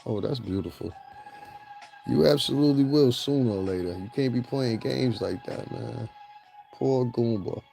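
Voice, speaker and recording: Man, mellow warm voice, profane gossip rant, mocking, faint music behind. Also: medium pitch, moderate pace, vocal fry. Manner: mocking, laughs at his own jokes. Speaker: celebrity gossip commentator. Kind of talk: profane ranting commentary.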